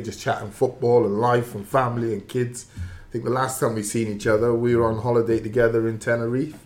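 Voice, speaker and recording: A man's voice: mid-range voice, darkish tone. A man who is a former footballer, talking football in a matey, emphatic way. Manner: matey, emphatic, laughs easily. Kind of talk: casual football punditry.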